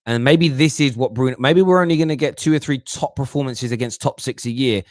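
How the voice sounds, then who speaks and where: A man hosting a live football fan show, reading viewer comments and answering them in animated, slangy casual chat. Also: mid-range voice, brisk, no room sound, clean studio sound. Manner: animated, mocking put-on voices, London slang like "bruv". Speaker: football talk show host.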